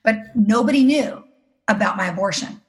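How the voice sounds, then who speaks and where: A woman's voice: on the high side, normal speed. A middle-aged woman giving a personal testimony as an interview guest, telling her story earnestly and acting out the voices of the people in it.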